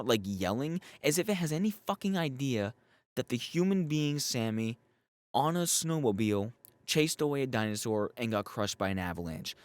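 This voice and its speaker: A man's voice: medium pitch, lively intonation, a little fast, dry recording. A man giving a casual, rambling episode recap as a YouTube reviewer, swearing often and filling with "like". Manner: profane, rambling, full of "like" fillers.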